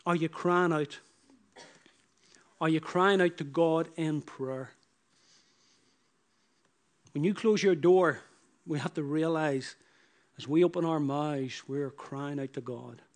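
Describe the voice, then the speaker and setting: A man preaching a sermon, who repeats his phrases and swings from loud emphatic bursts to hushed, low lines. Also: slow, pauses often.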